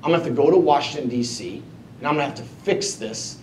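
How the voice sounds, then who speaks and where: Male keynote speaker, animated storyteller who plays out his own thoughts, distant mic with a faint low rumble. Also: fast, reverberant. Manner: self-mocking humor. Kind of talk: motivational storytelling speech. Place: event hall before an audience.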